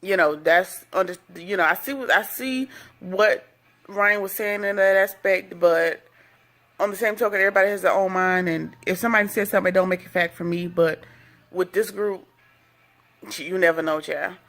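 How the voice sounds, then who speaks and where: A woman's voice: medium pitch, moderate pace, a bit bright. A woman chatting casually as she recaps a reality TV episode, full of sassy, gossipy asides.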